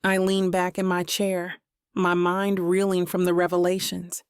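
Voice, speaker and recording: A woman narrating a romance audiobook in the first person, steady and intimate. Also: lowish voice, unhurried, clear, resonant tone, dry recording, studio quality.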